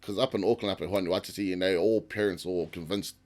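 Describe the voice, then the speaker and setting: A man's voice: deep voice, a little fast. A man with a New Zealand accent chatting casually as a podcast guest, swearing and laughing as he tells stories. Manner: casual, swears, laughs often, animated retelling. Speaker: podcast guest, tattoo artist. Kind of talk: casual chat.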